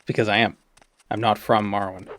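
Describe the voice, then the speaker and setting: A man's voice: fairly low pitch, level tone, brisk, fairly bright tone, slight background noise. A man streaming a game, musing aloud in a rambling way full of fillers and restarts. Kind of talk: casual gameplay commentary.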